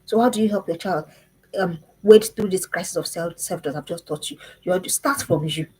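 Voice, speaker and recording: A woman teaching a parenting lesson, emphatic and animated, who repeats her phrases and keeps asking the listener questions. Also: on the low side, a little fast, a little hiss or hum, low-quality recording.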